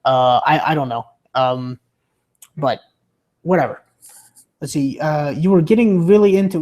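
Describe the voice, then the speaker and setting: A man's voice: a little slow, pauses often, a little mellow. Rambling young man streaming with a sore throat. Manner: rambling, stammering, with many restarts; pitch fluctuates, drifting into a bouncy entertainer's voice. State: sore throat from being sick. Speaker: livestreamer. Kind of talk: casual chat reading viewer comments.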